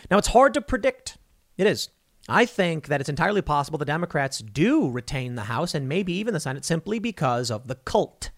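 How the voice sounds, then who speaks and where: A man's voice: a little high, sing-song, a little fast. A man delivering an online political commentary monologue in a blunt, sarcastic, scornful way.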